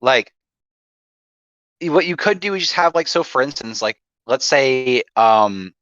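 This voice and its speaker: A man's voice: medium pitch, animated, measured pace, fairly bright tone, no echo. Rambling, swearing young man on a dull mic. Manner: rambling, swears a lot, many "like" fillers. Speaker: podcast guest. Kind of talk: casual chat about roleplay.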